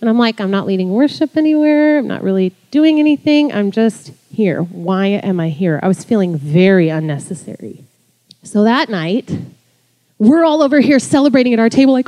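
Excited woman preaching, tells her story all animated, voice kinda high. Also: fairly quick. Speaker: worship leader. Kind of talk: sermon testimony.

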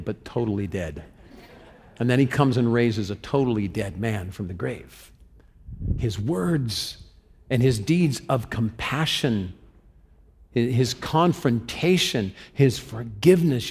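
A male pastor preaches with animated energy, throwing questions out to his congregation and stumbling over repeated words as he builds up. His mid-pitched voice carries a long reverb from the hall around him. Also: breathy edge. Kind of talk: interactive sermon.

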